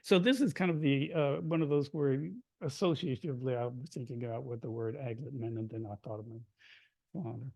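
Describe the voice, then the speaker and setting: A man from Kentucky, a poet, reading his poems aloud in a hushed, measured way, with brighter chatty asides to an audience between them. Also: medium pitch, creaky, dry recording. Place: reading event before an audience.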